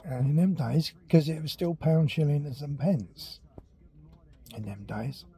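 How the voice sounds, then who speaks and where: A man's voice: on the high side, expressive, unhurried, mellow, husky. An older man, telling childhood stories in a rambling, chatty way and sometimes dropping almost to a whisper. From England. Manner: rambling and chatty, drops to near whispers at times. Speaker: walking vlog host telling childhood stories. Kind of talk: casual storytelling.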